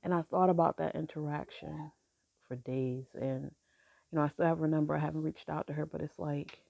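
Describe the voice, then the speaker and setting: Gravelly, mellow-voiced middle-aged woman reflecting. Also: deep voice, steady tone, no echo, clean studio sound. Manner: halting, soft-spoken, with many pauses and fillers. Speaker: grieving mother sharing her story. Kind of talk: reflective personal storytelling.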